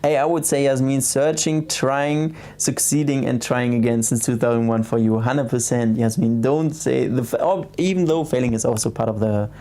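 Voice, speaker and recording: Young German-accented male streamer, casual late-night chat, soft and hesitant delivery, medium pitch. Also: fairly even intonation, normal speed, hardly any pauses. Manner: soft-spoken, hesitant, many restarts and fillers. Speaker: livestream host.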